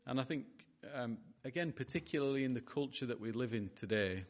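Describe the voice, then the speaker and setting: A man's voice: mid-range voice, a little fast. A man pastor preaching a sermon in an earnest way, often restarting and repeating words as he talks.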